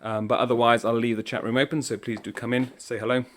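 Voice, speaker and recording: A man's voice: mid-range voice, little pitch movement, fast, fairly bright tone. Man, primary teacher; encouraging, chatty delivery, slightly breathless from walking around a school, recorded on a phone. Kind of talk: recorded remote lesson instructions. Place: indoors in a school, walking between rooms.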